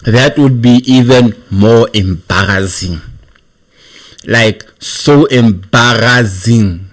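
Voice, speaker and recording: A man's voice: mid-range voice, slow. A man giving casual, amused political commentary to his viewers. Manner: chatty, amused, chuckles between points.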